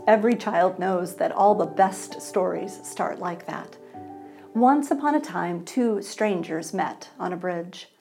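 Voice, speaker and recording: A woman's voice: on the low side, steady tone, unhurried, gravelly, few pauses, mellow, faint music behind. A woman pastor giving a sermon in a conversational way, asking the congregation for responses.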